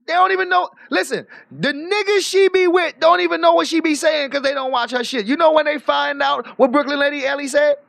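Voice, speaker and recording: A man's voice: extremely high pitch, brisk, gravelly, few pauses, fairly bright tone, dry recording. A man ranting boastfully on a live stream, swearing freely and laughing often. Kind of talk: casual livestream rant.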